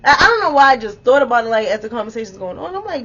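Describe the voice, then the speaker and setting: A woman in her twenties telling a story in a casual vlog, animated and exclamatory, swearing freely and talking straight to her viewers. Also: fairly high pitch, racing, slightly rough. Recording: dull lo-fi audio.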